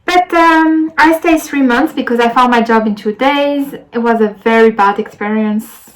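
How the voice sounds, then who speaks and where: A woman's voice: fairly high pitch, moderate pace, poor audio. A young woman with a French accent, telling a rambling story to her camera in a casual vlog, with lots of fillers and restarts. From France. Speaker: vlogger.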